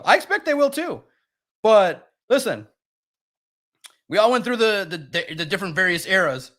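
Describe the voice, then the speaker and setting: A man's voice: sits high, big pitch swings, normal speed, long pauses, a bit bright. A man hosting a live sports podcast, ranting bluntly and emotionally about a team's loss while reading viewer comments.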